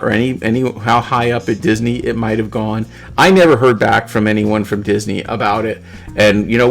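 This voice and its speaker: A man's voice: fairly low pitch, vocal fry. A middle-aged man hosting his channel, casually talking through viewer comments in a rambling, good-humored way. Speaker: YouTube channel host. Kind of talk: casual talk to camera, reading viewer comments.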